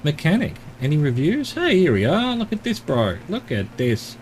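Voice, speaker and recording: A man's voice: a little high, huge pitch swings, normal speed, a little mellow, a little hiss or hum. An Australian man streaming a game, chatting casually and rambling to himself as he explores. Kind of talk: casual live-stream commentary.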